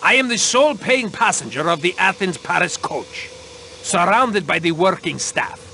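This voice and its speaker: An indignant, proud train doctor. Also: male voice, high-pitched, lively intonation, moderate pace, gravelly, sharp tone, a little hiss or hum, full character voice. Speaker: train doctor being questioned. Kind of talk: video game voice acting.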